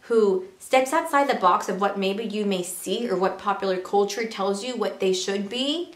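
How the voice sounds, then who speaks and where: A woman's voice: mid-range voice, normal speed. A young woman vlogging to camera in a casual, earnest way, full of rhetorical questions. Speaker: beauty and lifestyle vlogger. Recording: echoey room.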